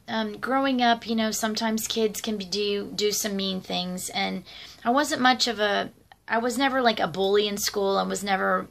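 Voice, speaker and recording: Gravelly middle-aged woman telling stories. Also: mid-range voice, fairly bright tone. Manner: rambling, conversational, many fillers and asides. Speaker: vlogger. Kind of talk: casual personal storytelling.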